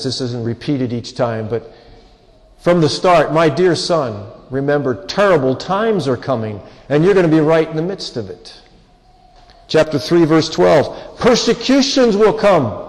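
A man preaching a sermon with earnest, pleading emphasis and drawn-out pauses. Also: on the high side. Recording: long hall reverb.

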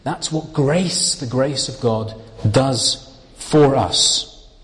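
A man preaching a sermon, explaining Bible words in a slow, deliberate, emphatic way. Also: medium pitch, a bit bright, long reverb tail.

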